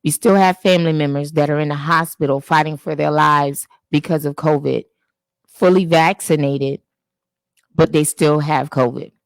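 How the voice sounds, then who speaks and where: Woman host, low-pitched, earnest and preachy, dry close sound, live-stream talk. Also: fairly even intonation, moderate pace, dry recording. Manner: earnest, preachy, speaks to church people directly. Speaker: podcast host. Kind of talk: casual live-stream monologue. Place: home setup, Facebook live stream.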